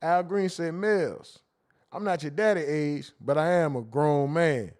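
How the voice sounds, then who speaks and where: A man's voice: on the high side, a little slow, a little mellow. A man hosting a casual livestream, reading chat comments aloud and joking about them.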